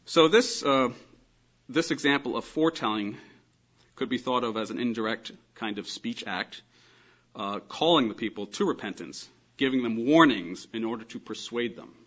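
A man with a mid-pitched, slightly husky voice teaches a Bible lesson, working through his points in a thoughtful, explanatory way. He leans hard on the key phrases. The recording sounds muffled and lo-fi. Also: lively intonation, moderate pace, fairly bright tone. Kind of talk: lecture on scripture.

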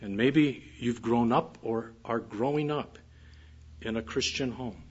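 A man's voice: medium pitch, measured pace, breathy edge. A man preaching a morning sermon, reading scripture aloud and repeating key phrases with emphasis. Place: church service. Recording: muffled dull recording.

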